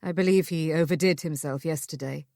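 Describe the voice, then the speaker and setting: A woman voicing a deep-voiced teasing gentleman. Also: brisk, creaky, no room sound. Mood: strained. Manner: dry, playful understatement.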